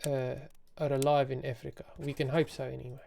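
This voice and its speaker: A man's voice: medium pitch, flat delivery, a little fast, gravelly, dark tone, a little hiss or hum. A man thinking aloud as he plays a game, muttering his deductions and swearing casually. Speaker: let's play streamer. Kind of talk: thinking-aloud gameplay commentary.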